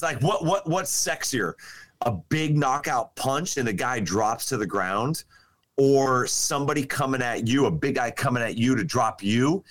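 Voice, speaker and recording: A man's voice: mid-range voice, dry recording. A man chatting casually on a podcast, easygoing and enthusiastic, with slangy speech. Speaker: podcast co-host. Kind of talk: casual chat.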